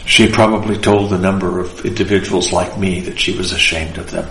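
A man who is an Orthodox priest, telling a personal spiritual story in an earnest, deliberate, emotional way. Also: low-pitched, steady tone, fairly bright tone, a little hiss or hum. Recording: roomy echo.

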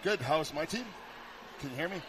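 A man's voice: a little high, animated, fairly quick, crowd noise. A man guest, a hockey coach, chatting casually with blunt dry remarks. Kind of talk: casual chat.

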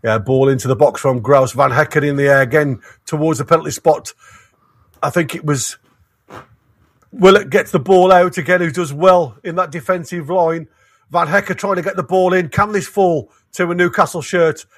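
A man giving excited, partisan live match commentary, his voice going hoarse. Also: high-pitched, no echo, studio quality. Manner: excitable, rapid, restarts sentences. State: losing his voice. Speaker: fan commentator.

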